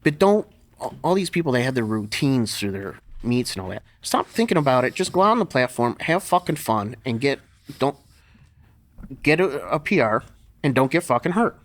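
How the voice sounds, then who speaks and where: Laughing through his blunt, profane tales, this middle-aged podcast guest sounds very animated at a normal speed. His pitch is medium, and the setting is a relaxed storytelling interview.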